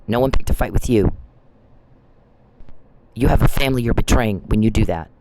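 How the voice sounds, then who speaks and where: A man's voice: mid-range voice, normal speed, long pauses, darkish tone, a little hiss or hum, low-quality recording. A man vlogging, speaking in a confrontational, accusing way straight to someone he blames. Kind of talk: monologue video addressing an absent person.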